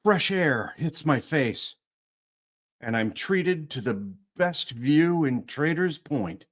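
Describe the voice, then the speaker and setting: A man's voice: fairly high pitch, animated, takes it slowly. A man reading a first-person audiobook narration, restarting phrases to retake lines.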